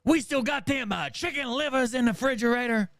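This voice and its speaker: A man's voice: very high-pitched, brisk, fairly bright tone, no echo, studio quality, pitched above the performer's own voice. A man putting on the voice of a stern, folksy rural preacher who gives drawling commands.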